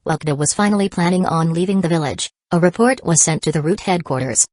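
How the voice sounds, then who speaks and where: Woman narrating an audiobook, pretty low voice, dead dry sound. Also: quick pace, darkish tone, no echo. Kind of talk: scripted narration.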